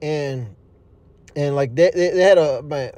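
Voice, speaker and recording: A man with a high-pitched voice tells his testimony casually, in an animated way, full of curses and street talk. The sound is close and dry, with no room around it. He laughs along with his own story as he goes. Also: unhurried, no room sound. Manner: animated, profane street talk with frequent fillers. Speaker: speaker giving a testimony.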